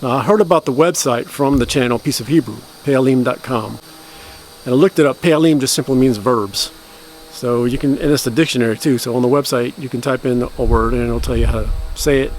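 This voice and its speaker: A man's voice: medium pitch, a little hiss or hum. A man chatting casually to camera about learning a language, explaining at length and correcting himself as he goes. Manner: rambling, self-correcting explanations; slow careful practice of phrases.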